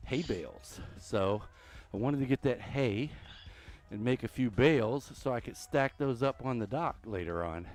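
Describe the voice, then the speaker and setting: A middle-aged man hosts a casual gaming stream, chatting in an easygoing, joking way and leaning on fillers as he thinks aloud. His voice sits at an ordinary middle pitch for a man, heard close over a headset. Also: lively intonation, unhurried, darkish tone. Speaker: streamer and host.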